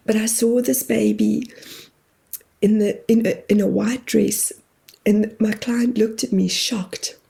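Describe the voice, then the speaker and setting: Husky, warm-toned woman telling emotional stories. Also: mid-range voice, fairly even intonation, takes it slowly. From immigrated to New Zealand. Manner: tearful, open and heartfelt, laughs through tears. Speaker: guest, spiritual medium and therapist. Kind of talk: emotional personal storytelling.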